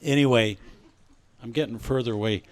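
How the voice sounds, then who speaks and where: A man giving a spiritual talk at a conference, speaking gently and reflectively and often repeating his phrases. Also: mid-range voice, a little fast, no echo.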